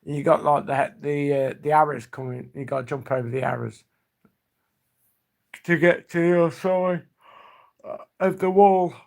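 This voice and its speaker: A man with a gravelly voice, hosting a live stream and chatting loosely. He rambles from memory to memory, his sentences trailing off as he goes. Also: a little high, unhurried, long pauses. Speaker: livestream host. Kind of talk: casual reminiscing chat.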